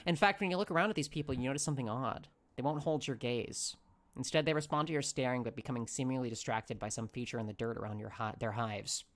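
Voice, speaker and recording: A man's voice: medium pitch, fast talker. A man hosting a let's play, reading game narration aloud and breaking off to joke. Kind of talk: narrating a visual novel aloud.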